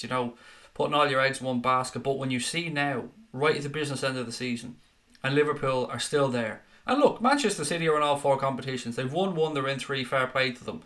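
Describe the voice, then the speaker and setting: A man in his own casual live-stream chat, reading out viewer comments one after another and answering them, often with a friendly "mate". His voice is bright and forward, with an ordinary middle pitch and a loose, conversational delivery. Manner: chatty, reads out viewer comments, calls people mate. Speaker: fan channel host reading live chat.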